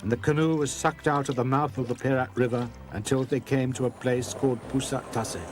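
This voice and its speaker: A man narrating a children's storybook in a calm, clear way. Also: mid-range voice, a little fast. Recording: soft music under narration.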